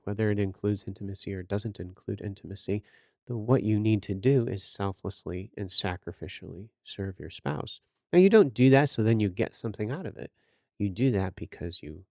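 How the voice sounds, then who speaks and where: A man with a low, mellow voice teaches scripture in a sermon-like way on a podcast. He exhorts his listeners directly and keeps asking rhetorical questions. The sound is dry and close. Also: no echo.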